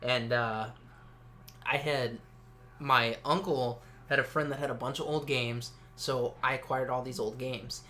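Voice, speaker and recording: A man's voice: medium pitch, fairly even intonation, unhurried, pushed and bright, slight background noise. A man in his twenties co-hosting a casual gaming chat, rambling and swearing freely. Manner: rambling, swears often, many fillers. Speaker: co-host.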